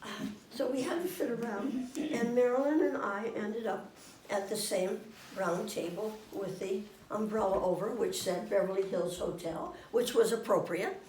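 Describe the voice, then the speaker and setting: An older woman getting over a cold, telling anecdotes to a small audience in a lively, animated way and acting out the voices. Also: mid-range voice, moderate pace, a little hiss or hum. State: finishing a cold. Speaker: guest storyteller. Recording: roomy room, mic far off.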